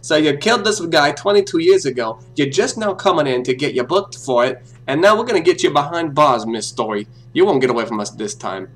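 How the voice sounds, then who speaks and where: A man's voice: a little high, lively intonation, fairly quick, few pauses, lightly acted. A man putting on a mocking, tough-talking male detective voice while commenting on a game as host. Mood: cocky. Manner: mocking, wisecracking interrogator. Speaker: gameplay video host.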